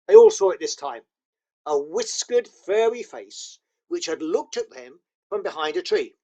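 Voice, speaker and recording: A man narrating a children's novel aloud with expressive storytelling. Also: fairly high pitch, measured pace, muffled recording. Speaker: audiobook narrator.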